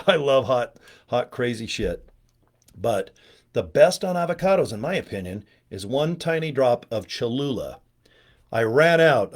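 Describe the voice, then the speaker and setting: Rambling, crude middle-aged man on a webcam. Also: medium pitch. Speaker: video host. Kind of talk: casual livestream chat. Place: at home, indoors.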